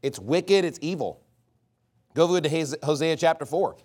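A man's voice: fairly high pitch, moderate pace, darkish tone. A man in his thirties preaching a fiery sermon, emphatic, with sudden swings in volume and pace. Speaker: pastor.

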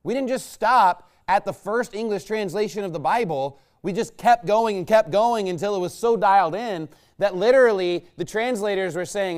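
Smooth-voiced man preaching casually. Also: high voice, moderate pace, hardly any pauses. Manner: conversational, rambling, asks listeners "right?". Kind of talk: sermon.

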